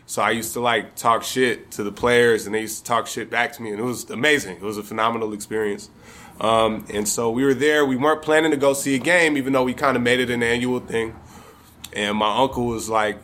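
A man's voice: mid-range voice, steady tone, a little fast, a bit bright. A man from Michigan telling a personal story live, in a conversational, amused way with casual swearing.

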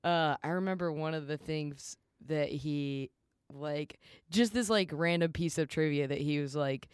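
Laid-back guy hosting a podcast, smooth clear voice, dead dry room. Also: on the high side, unhurried, dry recording. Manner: easygoing, laughs often, loose storytelling. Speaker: podcast host. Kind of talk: casual chat.

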